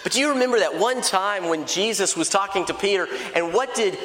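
A man preaching a sermon in a conversational, lively way, acting out little dialogues. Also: high-pitched, fairly quick, a little hiss or hum. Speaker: pastor. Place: large church hall. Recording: echoey church hall.

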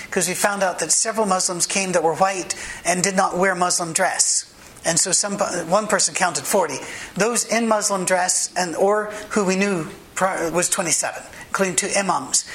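A man's voice: high voice, fairly bright tone, rough recording. A man pastor delivering a sermon, mixing humorous anecdotes and asides with short, emphatic commands.

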